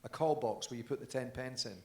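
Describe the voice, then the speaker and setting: A man tells a story on stage at a live event, easy and anecdotal, breaking into laughs. His voice sits at an ordinary middle pitch. The room is big, and his voice echoes off the walls of the conference hall. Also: fairly quick, a little mellow. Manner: chatty anecdotal telling, with laughs. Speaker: guest dancer on stage.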